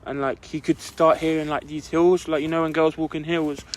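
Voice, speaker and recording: Rambling through a lengthy story, this young podcast co-host fills nearly every phrase with "like." He talks fairly quickly in a slightly high voice with a level tone.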